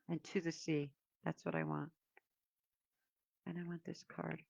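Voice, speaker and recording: A woman with a deep, heavily gravelly voice talks her viewers through a spiritual card reading, meandering and reflective, pausing often to find her words. The sound is dry and a little dull, like a lo-fi home recording. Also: steady tone, dry recording. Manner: meandering, reflective, with frequent pauses and fillers. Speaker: oracle card reader.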